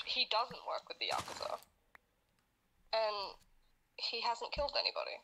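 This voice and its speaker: Woman, casual chat, sweary rambling storyteller, bright, slightly high. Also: low-quality recording. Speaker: podcast co-host explaining her story series. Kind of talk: casual chat while gaming.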